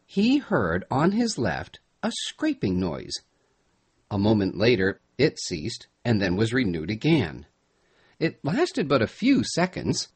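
Man, audiobook narration, husky, lively pitch, measured storytelling.

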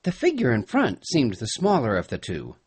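A man's voice: mid-range voice, huge pitch swings, normal speed, breathy edge, exaggerated voice. A man voicing an earnest young man in a storybook reading, eager and polite. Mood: urgent. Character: earnest, alert young man keeping watch.

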